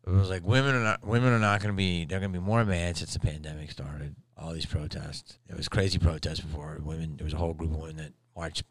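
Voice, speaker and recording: Profane, animated comedian. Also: male voice, deep voice, fast, hardly any pauses, no room sound. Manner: profane, animated storytelling with sudden loud outbursts. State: tired. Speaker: podcast host and stand-up comedian. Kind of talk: casual ranting monologue.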